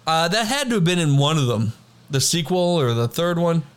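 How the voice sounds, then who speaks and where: A man's voice: on the high side, big pitch swings, fairly quick, clean tone. Laid-back young man rambling trivia. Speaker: podcast co-host. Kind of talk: casual chat.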